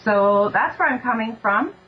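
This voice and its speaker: A Canadian woman hosting an online talk show as a life coach, excited, a bit nervous and effusive. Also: on the high side, moderate pace. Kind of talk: casual online radio talk. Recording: dull lo-fi internet radio.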